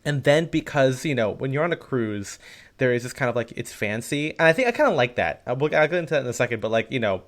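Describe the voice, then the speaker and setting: Very animated and quick, this mid-range male voice belongs to a podcast co-host in casual chat, who rambles along with many fillers and false starts.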